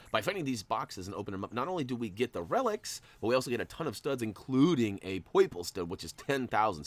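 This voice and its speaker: A man giving casual, playful commentary while he plays a video game. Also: on the low side. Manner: chatty and playful, jumps up in excitement. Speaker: gaming channel host.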